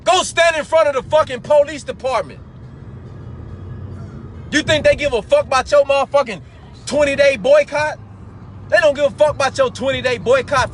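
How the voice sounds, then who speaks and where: High-voiced man ranting in heated fury. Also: a little fast, a little hiss or hum. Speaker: live talk show host. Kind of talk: angry commentary monologue. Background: faint background music.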